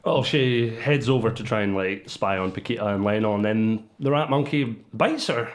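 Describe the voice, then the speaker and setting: A man's voice: fairly low pitch, normal speed. A man with a Scottish accent co-hosting a casual film podcast, plainly recapping the story for his friends. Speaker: podcast co-host. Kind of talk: casual film review chat.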